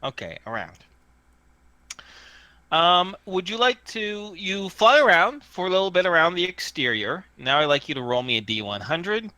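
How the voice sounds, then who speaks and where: A man running a tabletop role-playing game as game master, talking in an animated, chatty way. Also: high voice, moderate pace, no echo.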